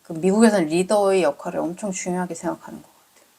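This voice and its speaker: A woman with a slightly low voice hosts a casual interview at a rapid clip. She asks short questions and murmurs along as she listens. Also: creaky, mellow, breathy edge. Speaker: host and interviewer.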